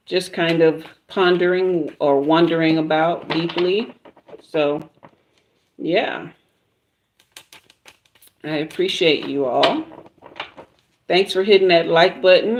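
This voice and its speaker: Southern woman hosting a livestream tarot reading, easygoing and slow-spoken, slightly low voice. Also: muffled recording, slight background noise. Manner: relaxed, chatty, drawn-out pauses. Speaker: tarot reader livestream host.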